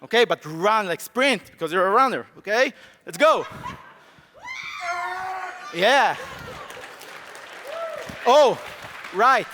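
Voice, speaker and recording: A man with a sore throat gives a live conference talk, playfully coaching volunteers on stage in an animated way. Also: high voice, takes it slowly, pauses often. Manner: playful, animated, coaxing the audience. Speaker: conference speaker. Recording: long hall reverb, faint crowd noise.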